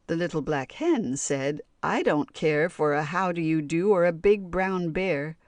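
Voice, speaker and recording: A woman reading children's poems aloud in a slow, sing-song rhyming way. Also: low-pitched, lively intonation, a little mellow, no echo. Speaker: audiobook reader.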